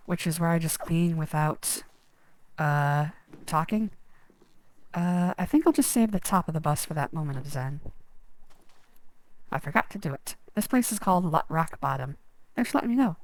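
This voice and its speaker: A woman's voice: fairly low pitch, darkish tone, no room sound, poor audio. Chatty woman streaming a game. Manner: chatty, self-deprecating, rambling. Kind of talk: casual gameplay commentary.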